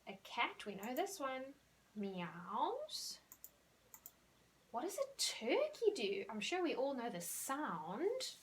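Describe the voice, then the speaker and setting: A woman, teaching young children animal sounds in a recorded lesson, speaking slowly and clearly and drawing out the sound words. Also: sits high, wildly swooping pitch, slight background noise. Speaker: primary school teacher.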